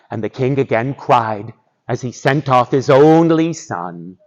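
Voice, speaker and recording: A male storyteller telling a folktale live to schoolchildren, animated and drawing the audience in. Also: mid-range voice, unhurried, muffled recording.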